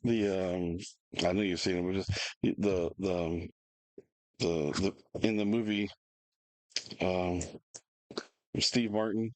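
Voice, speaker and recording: A man, co-hosting a casual chat, telling an animated, rambling story with restarts and laughs. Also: deep voice, slow pace, pauses often, no echo, poor audio. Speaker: podcast co-host.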